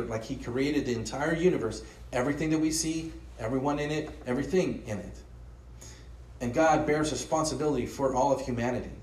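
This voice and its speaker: A pastor with a fairly high, darkish-toned voice delivers an earnest, conversational sermon, frequently asking his listeners rhetorical questions. He sounds distant, with a roomy echo around him.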